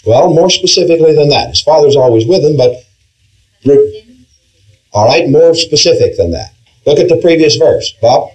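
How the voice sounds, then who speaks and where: A man leads a Bible study class in a fairly high voice that rises and falls with lively movement. He keeps putting questions to his listeners and leans hard on key words, often restarting a phrase and checking in with "all right". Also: normal speed, poor audio. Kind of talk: interactive Bible class teaching.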